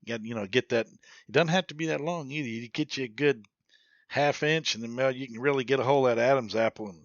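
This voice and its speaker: A man's voice: mid-range voice, fast, no echo, dull audio. A man co-hosting a podcast, laid-back and joking with crude asides. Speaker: podcast co-host. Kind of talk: casual podcast chat.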